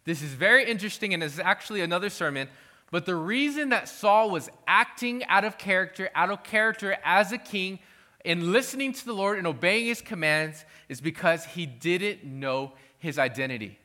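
Male pastor, sermon delivery, high and bright, earnest pleading tone with frequent restarts. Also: moderate pace.

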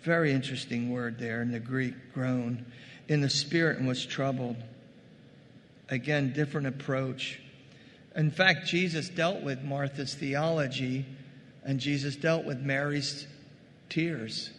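A man preaching a sermon, animated, acting out quoted voices and rising to loud bursts. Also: medium pitch, measured pace, big-room sound, slight background noise. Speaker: pastor.

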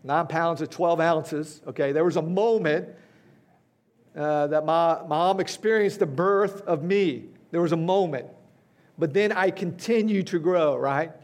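A pastor in his fifties, his voice on the high side and a little slow, preaches to his congregation in a church hall. He keeps it conversational, often checking in with "right?" and "okay?".

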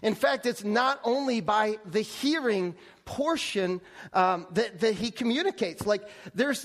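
A man preaching a conversational sermon, often restarting and asking the audience rhetorical questions. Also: high voice. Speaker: pastor.

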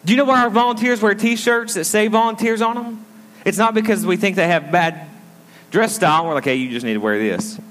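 His voice sits high and has a fairly bright tone, with lively intonation and a fairly quick delivery. The man is a pastor giving a conversational sermon, telling a story and drawing in the congregation with frequent asides. It's recorded in a school auditorium used as a church, with long hall reverb.

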